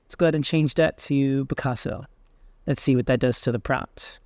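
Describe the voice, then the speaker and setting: Relaxed man walking through software. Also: mid-range voice, moderate pace, no room sound, studio quality. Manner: relaxed, thinking aloud with fillers. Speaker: tech tutorial host. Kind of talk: screen-recorded software walkthrough.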